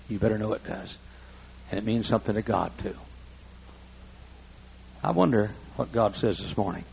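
Old preacher guy in his 60s, gravelly husky voice, pitch jumping all over, lo-fi recording. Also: sing-song, moderate pace, long pauses. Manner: emphatic, repetitive, building to shouts. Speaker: pastor. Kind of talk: sermon.

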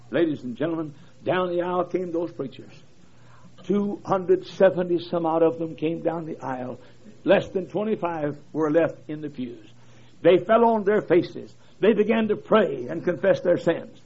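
Revival preacher, male, high raspy voice, impassioned storytelling, dull lo-fi church PA tape. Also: moderate pace. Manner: storytelling preacher, rising to impassioned shouted cries. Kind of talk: fiery revival sermon. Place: church service. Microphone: PA microphone.

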